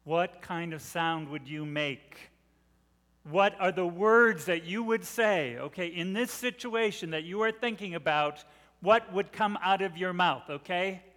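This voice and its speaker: A middle-aged male preacher with a high voice delivers a sermon as dramatic storytelling. He drops to near-hushed tones, then swells to loud. His voice rings with the long reverb of a big hall. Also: a little slow.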